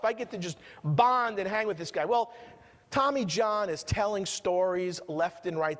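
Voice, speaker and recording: A man with a New York accent giving an energetic keynote speech, telling stories and firing rhetorical questions at the audience. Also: high-pitched. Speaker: motivational keynote speaker. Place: conference hall at a resort. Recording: long hall reverb from a conference room.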